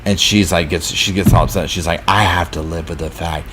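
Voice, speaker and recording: A man's voice: sits low, steady tone, brisk, hardly any pauses, fairly bright tone, a little hiss or hum. A man hosting a live true crime chat, retelling a case casually with lots of fillers and acted-out quotes. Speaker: true crime channel host. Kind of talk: live chat recap of a docuseries.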